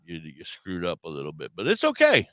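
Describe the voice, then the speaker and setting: A playful man hosting an online radio show, his pitch swooping up and down as he jokes around. The recording is dry and close, with no room sound at all. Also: huge pitch swings, fairly quick, a bit bright, dry recording. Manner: playful, goofy sound effects and exclamations. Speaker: radio co-host. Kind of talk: casual radio show chat.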